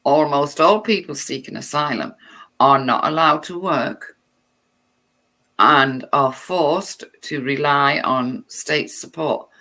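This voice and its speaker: A woman's voice: deep voice, takes it slowly, bright, forceful tone. A woman vlogger reading text aloud and breaking off for sarcastic, irritated remarks.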